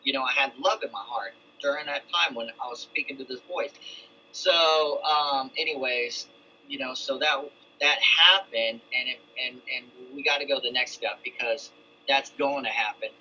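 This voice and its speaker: A man's voice: medium pitch, moderate pace, sharp tone, slight background noise. A middle-aged man telling his own testimony in a loose, rambling way, full of restarts and asides. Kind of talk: casual storytelling testimony. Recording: dull lo-fi sound with faint ambience.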